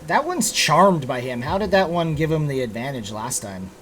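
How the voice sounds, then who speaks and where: A man's voice: a little high, very animated, moderate pace, a bit bright, slight background noise. A man running a tabletop game, explaining rules with lots of fillers and restarts. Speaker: game master.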